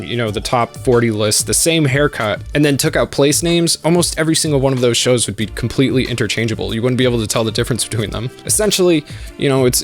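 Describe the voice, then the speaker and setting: Blunt, sarcastic male video essayist. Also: a little high. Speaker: YouTube anime channel host. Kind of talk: scripted video essay rant.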